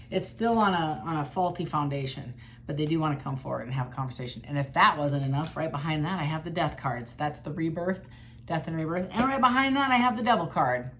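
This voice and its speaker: A woman's voice: low-pitched, a bit bright, a little hiss or hum. A woman giving a casual tarot reading to her viewers, chatty and blunt, with the odd swear word. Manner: chatty, blunt, mildly profane. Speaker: tarot reader.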